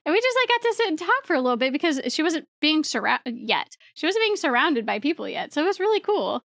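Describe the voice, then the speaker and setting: A young woman chats to her stream in a high, bright voice. She rambles, swears offhand and keeps breaking into laughter. The sound is close and dry, with no room echo at all. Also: fast talker, gravelly, few pauses. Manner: rambling, excitable, laughs often, swears casually. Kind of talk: casual storytelling to stream chat.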